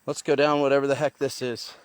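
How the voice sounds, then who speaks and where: A man's voice: mid-range voice, level tone, quick pace, clear, resonant tone. A man vlogging as he hikes through the jungle outdoors, thinking aloud as he goes. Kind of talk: talking to camera while hiking. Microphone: handheld phone.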